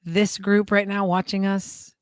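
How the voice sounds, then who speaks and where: A woman radio host in casual on-air chat, expressive and quick to laugh. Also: medium pitch, smooth, no echo, clean studio sound. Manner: expressive, laughs often, puts on voices in anecdotes.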